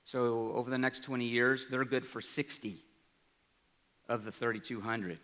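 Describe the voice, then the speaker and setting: A man in his forties giving an energetic speech to an audience, often asking "right?". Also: mid-range voice, moderate pace. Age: 40s. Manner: energetic, rhetorical, asks the crowd "right?". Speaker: college president. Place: large hall. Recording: reverberant hall, live speech.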